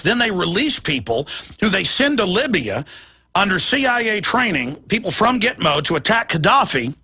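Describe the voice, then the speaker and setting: A man hosting a talk show, ranting in an agitated monologue and often shouting, with repeated words. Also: sits high, sing-song, normal speed, vocal fry, slightly rough. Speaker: radio talk show host.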